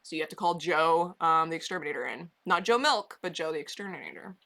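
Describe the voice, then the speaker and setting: Brief: chatty woman streamer with a bright, sharp voice, casual and rambling, talking to viewers from her basement. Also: low voice, quick pace. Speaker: livestreamer. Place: basement bedroom.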